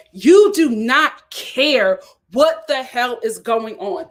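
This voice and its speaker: Woman host doing a casual, animated reality TV recap, high and expressive. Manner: animated storytelling with acted quotes and laughter.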